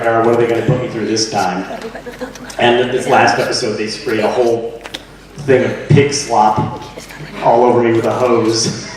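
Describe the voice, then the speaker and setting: Laughing actor man in an echoey room. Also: mid-range voice. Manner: animated, laughing storyteller with many restarts. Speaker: actor and guest. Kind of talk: casual chat. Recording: echoey room, distant mic.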